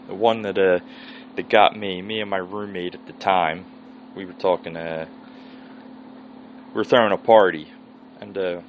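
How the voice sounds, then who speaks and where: Rambling, profane low-voiced man. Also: muffled recording, slight background noise. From Philadelphia area. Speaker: podcast host. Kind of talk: solo podcast monologue.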